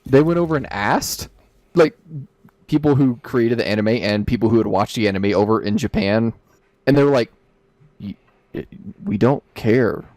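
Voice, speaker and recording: A man in casual chat with friends during an online game, heated and quick to swear as he argues his point. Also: medium pitch, dry recording. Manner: heated, animated, heavy swearing. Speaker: gamer chatting while playing.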